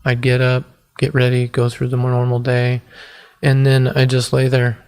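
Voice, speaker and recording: A man in his forties telling his personal story as a podcast guest, earnest and halting, with many restarts. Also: medium pitch, monotone, a little mellow, clear, resonant tone. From United States. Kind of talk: personal testimony in an interview.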